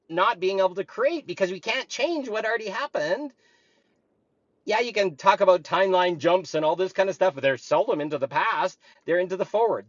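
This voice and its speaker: A man with a somewhat high voice talks through a reflective spiritual monologue, earnest and emphatic like a coach. The recording is dry and close, with a dull, lo-fi tone. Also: no echo. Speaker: spiritual talk host.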